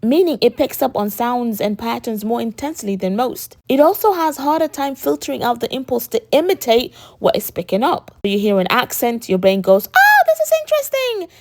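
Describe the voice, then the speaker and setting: A woman in her thirties, an American accent with a British lilt, explaining to camera with lively emphasis and frequent rhetorical asides. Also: a little high. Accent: American mixed with a British lilt. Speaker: vlogger.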